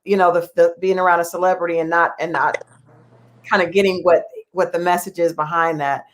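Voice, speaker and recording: A woman's voice: fairly low pitch, flat delivery, a little fast, slight background noise. Woman host asking thoughtful questions. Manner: thoughtful, restarts her questions, many affirming fillers. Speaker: interview host. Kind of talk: candid interview conversation.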